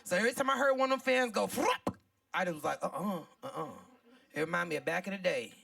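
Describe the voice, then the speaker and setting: A woman hosting a live comedy show, loud and playful, laughing and talking straight to the crowd. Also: on the low side, lively intonation, fast, vocal fry, distant mic. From Southern United States.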